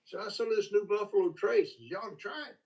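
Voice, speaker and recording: A man's voice: high-pitched, quick pace, darkish tone, recorded from a distance, muffled recording, voice pushed up. A man doing a sly, teasing old distiller. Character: playful older male distiller, a prankster.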